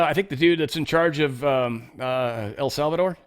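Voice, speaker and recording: A man hosting a solo show, reading news excerpts aloud and reacting in a casual, offhand way, often trailing off into low muttered asides. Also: normal speed, smooth. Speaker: show host.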